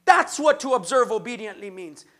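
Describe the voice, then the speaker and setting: A pastor preaching a sermon, his voice very high for a man. The tone is bright and forceful, and he drives his points through rhythmic repetition. At its peaks his delivery rises into full shouts. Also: expressive, moderate pace. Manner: rhythmic repetition, call-and-response.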